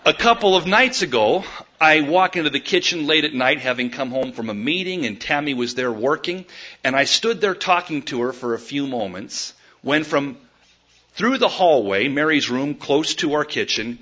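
A man's voice: fairly high pitch, normal speed. A male pastor giving a sermon in a church, telling stories animatedly and acting out voices. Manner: animated storytelling, acts out quoted voices. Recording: muffled lo-fi sermon recording.

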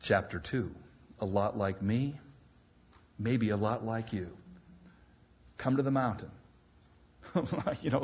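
A man preaching a sermon in an animated way, acting out back-and-forth dialogue between God and a reluctant believer. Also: fairly low pitch, slow, pauses often, husky, lo-fi sound.

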